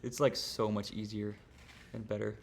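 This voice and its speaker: A young man with a gravelly, fry-heavy voice talks through a trading lesson on his stream. He is casual and rambling, full of slang and fillers. A faint hiss of noise sits under the recording. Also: lowish voice, level tone, moderate pace.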